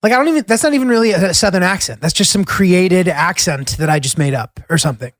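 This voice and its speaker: A man's voice: high voice, quick pace, no room sound, clean studio sound. A young man from the United States narrating his road trip in a casual, self-deprecating way, full of "like" and asides. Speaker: travel vlog narrator. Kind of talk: scripted travel narration.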